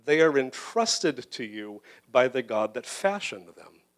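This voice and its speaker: A middle-aged male pastor preaching a sermon in a church, his voice sitting at an ordinary middle pitch. He speaks earnestly and personally, piling up phrases for emphasis while holding back tears. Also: very animated, measured pace. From United States. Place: church sanctuary.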